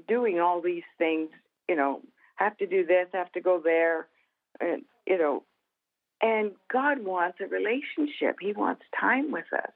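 A woman guest minister tells her stories in a folksy, animated way and laughs easily. Her voice comes through a narrow, tinny, phone-like channel. Her pitch sits in the middle. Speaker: guest author and revival minister. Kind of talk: storytelling in a Christian TV interview.

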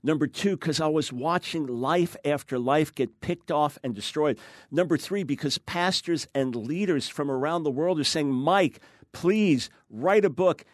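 Recorded dry with studio quality, a man whose voice is a little high speaks as a guest author in an interview. He explains quickly and with emphasis, performing the voices of the people he quotes.

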